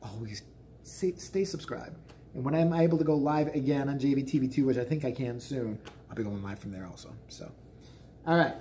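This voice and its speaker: A man's voice: medium pitch, brisk, warm tone, a little hiss or hum. A man in his forties telling a story as a vlogger, in a profane, exasperated, ranting way. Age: 40s.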